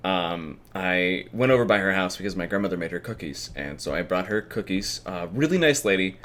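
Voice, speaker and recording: A man's voice: sits low, expressive, fairly quick, fairly bright tone. A young man co-hosting a podcast, laid-back and swearing freely in casual chat. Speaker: podcast co-host.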